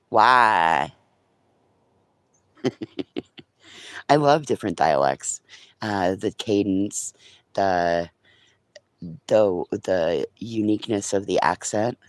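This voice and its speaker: A man's voice: lowish voice, darkish tone, no echo. A man in a casual, rambling live-stream chat, talking to his viewers and his pets early in the morning. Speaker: vlogger.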